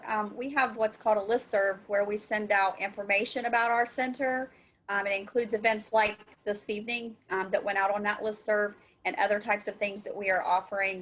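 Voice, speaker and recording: A woman's voice: mid-range voice, steady tone, moderate pace, fairly bright tone. Woman on a video call webinar, chatty, lots of ums and restarts. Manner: casual, lots of fillers and restarts. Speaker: co-op center staff, building a database. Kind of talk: webinar discussion.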